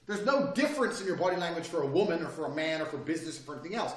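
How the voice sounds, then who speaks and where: A man's voice: on the high side, expressive, rapid-fire, reverberant. A man giving a blunt, profane motivational lecture with an emphatic, swaggering delivery. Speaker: course instructor.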